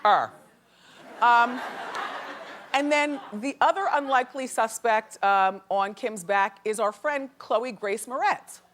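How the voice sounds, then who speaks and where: A woman talk show host giving an animated, opinionated gossip monologue to a studio audience. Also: a little high, slow, a little hiss or hum.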